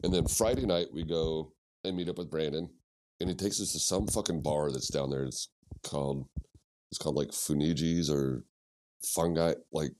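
Man, very low voice, casual storyteller, swears a lot, acts out quotes. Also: moderate pace, a little hiss or hum. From Missouri. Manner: profane, animated anecdotes with acted-out quotes. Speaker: podcast guest.

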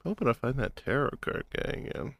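A man hosting a casual video-chat interview, easygoing and quick to laugh as he reads questions from a list. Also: mid-range voice, big pitch swings, gravelly, fairly bright tone, no room sound. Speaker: podcast host interviewing strangers. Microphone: computer mic on video call.

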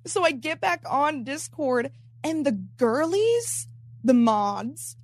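A young woman with a high, bright voice tells a story in a casual, slangy way. She keeps laughing and acting out the lines of everyone involved. The sound is dry and close. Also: takes it slowly, no echo. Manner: animated, laughing, quoting herself; slangy and profane. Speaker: content creator.

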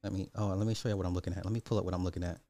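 A man's voice: deep voice, very fast, no room sound, studio quality. Loose-talking man ranting casually. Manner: loose, animated, swears, repeats himself.

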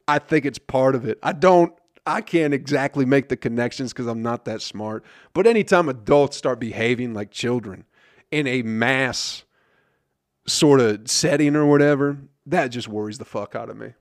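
A man's voice: mid-range voice, moderate pace, no echo, clean studio sound. A man hosting a solo podcast, ranting in a grumpy, sarcastic, profane way. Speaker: podcast host.

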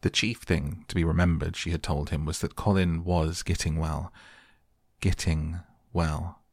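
A man narrating an audiobook as a calm, soft bedtime story reading. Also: low voice, unhurried, gravelly, dry recording, studio quality.

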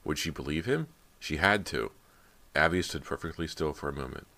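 A man's voice: rumbling low, normal speed, pushed and bright. A man narrating a horror audiobook in a dramatic storytelling manner. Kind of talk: scripted narration.

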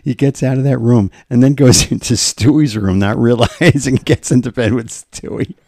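A man co-hosting a casual podcast chat, relaxed, laughing often and giving short encouraging replies. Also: medium pitch, normal speed, gravelly, dry recording, clean studio sound. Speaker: podcast co-host.

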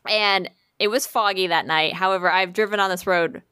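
A young woman casually telling a spooky personal story, animated and swearing freely. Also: mid-range voice, normal speed, smooth. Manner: animated, swears a lot, laughs often.

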